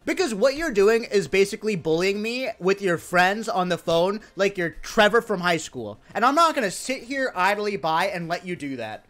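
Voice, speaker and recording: An excitable young man from India chats with his stream viewers while he plays. His voice sits high and swings widely, jumping from bursts of shouting to mutters. He jokes and swears freely. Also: normal speed, hardly any pauses. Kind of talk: casual livestream chat.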